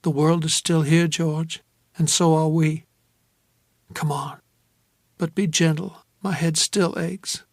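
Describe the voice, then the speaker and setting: A tender, anxious young woman, as a male narrator gives her voice in an audiobook. She talks softly and quietly, close and intimate, in a fairly high register. The recording is dry and close. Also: little pitch movement, takes it slowly, pauses often, no echo.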